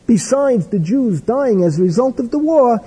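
An older man giving a discursive religious lecture with stories, in a husky voice. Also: very high-pitched, lively intonation, normal speed, mellow. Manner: discursive, wry, with Hebrew and Yiddish terms. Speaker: religious teacher. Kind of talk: lecture with storytelling. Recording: echoey hall with long reverb.

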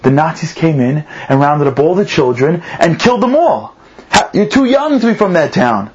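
A man's voice: a little high, big pitch swings, moderate pace, husky, muffled recording. Man quoting a stunned jeweler. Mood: disbelieving. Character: middle-aged jewelry seller, shocked and emotional.

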